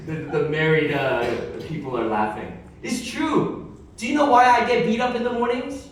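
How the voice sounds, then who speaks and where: A man's voice: high voice, slow, fairly bright tone, slight background noise. A man preaching a sermon as pastor, conversational with joking asides and repeated key lines. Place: large echoey church hall with congregation. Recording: very echoey hall heard from far off.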